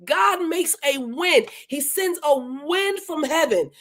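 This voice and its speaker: An enthusiastic woman teaching a verse-by-verse Bible study live, talking conversationally and slowing down to read scripture with emphasis. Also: sits high, expressive, a bit bright.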